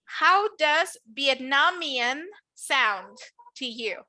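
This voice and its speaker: A woman teaching an online English class, saying words slowly for students to repeat. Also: high-pitched, animated, pushed and bright. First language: Spanish. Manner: slow, drawn-out model words for repeating.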